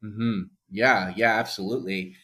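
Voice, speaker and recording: A man with a very low, deep voice hosts a podcast interview. He asks long, thoughtful questions and leans on fillers as he builds up to them. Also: steady tone, a little slow, bright, forceful tone. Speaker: podcast host. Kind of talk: interview conversation.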